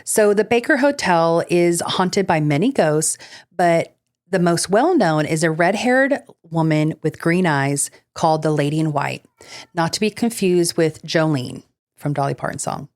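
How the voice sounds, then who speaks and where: A woman's voice: fairly low pitch, animated, unhurried, darkish tone. A woman co-hosting a casual podcast, chatting with lots of fillers and slipping into reading ghost-story notes. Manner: chatty, filler-heavy, laughs easily. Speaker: podcast co-host. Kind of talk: casual chat.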